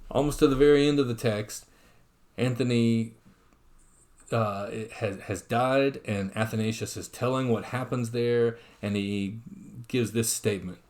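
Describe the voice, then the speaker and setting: A man's voice: mid-range voice, steady tone, measured pace, darkish tone. A man giving an online lecture, reading quotations aloud with frequent fillers and restarts.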